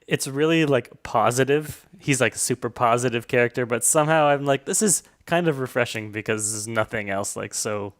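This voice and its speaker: Mid-pitched male podcast co-host, halting, filler-heavy. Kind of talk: casual chat.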